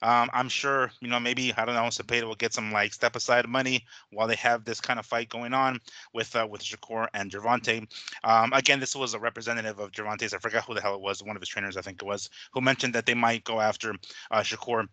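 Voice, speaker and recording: A man's voice: mid-range voice, fairly even intonation, fast talker, pushed and bright, dry recording. A man co-hosting a boxing podcast, running through fight news in a rambling, filler-heavy, laid-back way. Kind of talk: casual boxing news chat.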